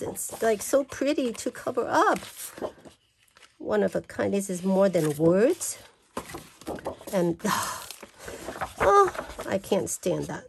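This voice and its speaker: A woman's voice: medium pitch, very animated, slow pace, vocal fry, long pauses, slight background noise. A woman vlogger gushing and exclaiming as she unboxes and flips through craft paper. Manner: gushing, exclaims over everything. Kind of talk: casual unboxing chat.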